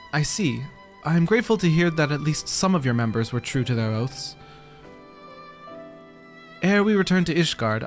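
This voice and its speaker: A man reading as an earnest young noble commander. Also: a little high. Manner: formal old-fashioned phrasing.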